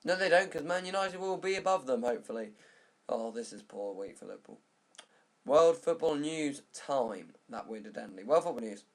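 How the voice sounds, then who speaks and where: A man's voice: mid-range voice, quick pace. Rambling young man recapping football news. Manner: rambling, jokey, self-correcting.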